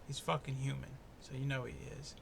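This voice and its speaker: Gravelly young man, casual podcast host. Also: mid-range voice, level tone, fairly quick, background noise. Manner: profane, laid-back, rambling and jokey. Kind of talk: casual solo fight-prediction podcast. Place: home in the US East Coast.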